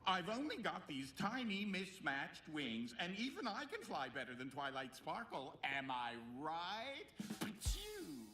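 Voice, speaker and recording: A hammy cartoon chaos spirit. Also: male voice, high-pitched, wildly swooping pitch, a little slow, few pauses, background noise, full character voice. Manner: dramatic, swooping, hammy delivery. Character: mischievous male chaos spirit, theatrical and needy. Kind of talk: cartoon voice acting. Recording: music behind the voice.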